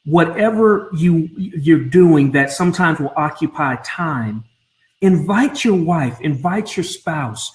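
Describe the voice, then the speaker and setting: A man coaching blended families on a live stream from home, speaking earnestly and often repeating his words. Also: fairly high pitch. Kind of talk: Facebook Live talk. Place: home room. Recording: roomy echo.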